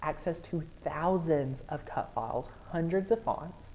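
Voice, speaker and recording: A woman hosting a live crafting software tutorial, bubbly and excitable, talking viewers through each step. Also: sits low, a little slow, a little hiss or hum.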